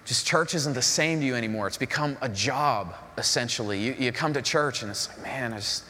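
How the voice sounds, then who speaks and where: A man's voice: medium pitch, brisk. A young adult man preaching a sermon in a church hall, telling stories and acting out what other people say. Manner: animated storytelling, voices others in quotes. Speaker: pastor.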